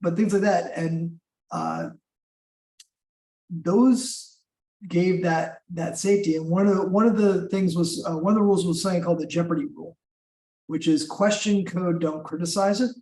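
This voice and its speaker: A man's voice: high voice, animated, normal speed, a little mellow, recorded from a distance. A man taking part in a meetup discussion, explaining his ideas thoughtfully. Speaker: meetup participant. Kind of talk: casual group discussion. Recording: roomy, off-mic.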